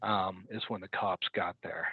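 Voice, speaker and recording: A man telling a story in casual conversation as a podcast guest, halting and correcting himself as he goes, acting out what people said. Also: low voice, fairly even intonation, husky, dry recording. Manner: halting, self-correcting retelling with quoted dialogue. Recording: dry, tinny phone-like line.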